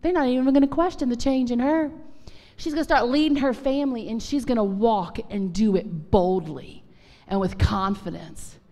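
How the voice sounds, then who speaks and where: A woman pastor preaches a testimony sermon with animated emphasis. Her voice sits high and bright, and it carries a long reverb through the church sanctuary. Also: normal speed. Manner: animated, emphatic preaching with Southern turns of phrase.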